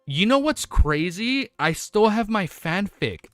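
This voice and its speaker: A young man streaming live, chatting casually in an excitable way, swearing freely and thinking out loud. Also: sits high, slow pace, dry recording, clean studio sound, faint music behind.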